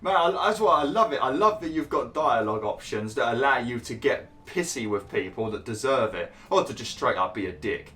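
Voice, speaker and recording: A man's voice: medium pitch, lively intonation, a little fast, few pauses, sharp tone. A man giving casual gameplay commentary in a cheeky, blunt, chatty way. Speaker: gaming video host.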